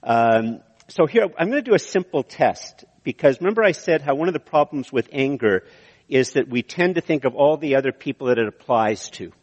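Canadian pastor preaching in a reverberant hall. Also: male voice, medium pitch, brisk, muffled recording. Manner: animated, rising to emphatic peaks, frequent restarts and chuckles. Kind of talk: sermon.

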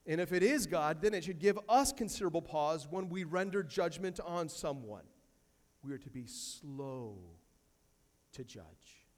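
A male pastor delivers a sermon in a somewhat high voice, leaning hard on repeated words and scripture quotes. His voice rings with a long reverb off the church sanctuary. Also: lively intonation, normal speed, darkish tone. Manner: emphatic, repeats key phrases, quotes scripture.

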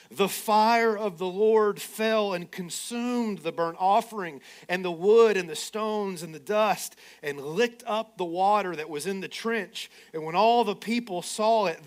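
A man with a high, bright-sitting voice delivers a lively sermon. He swings between loud, punchy bursts and quieter asides, teasing and joking as he preaches. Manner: animated, playful preaching with sarcastic asides. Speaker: pastor.

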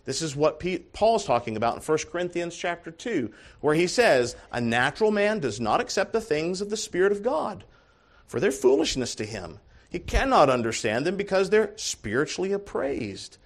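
High-voiced emphatic male pastor preaching. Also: sing-song, moderate pace. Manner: emphatic, swings from quiet asides to shouted calls. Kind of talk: sermon.

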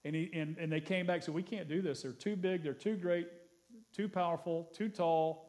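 A man, a pastor, preaching a sermon, reading scripture aloud with rising emphasis and praying in a softer voice. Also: fairly even intonation, moderate pace. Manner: prays in a soft, lowered voice.

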